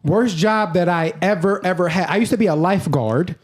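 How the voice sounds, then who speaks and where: A middle-aged man, a comedian guest on a podcast, telling stories in a joking, animated way. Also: high-pitched, brisk. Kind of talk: casual podcast chat.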